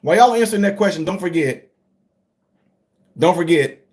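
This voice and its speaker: A casual livestream features a middle-aged host addressing viewers directly at a normal speed. His voice runs high for a man, and he veers from low, quiet remarks to loud, excited bursts.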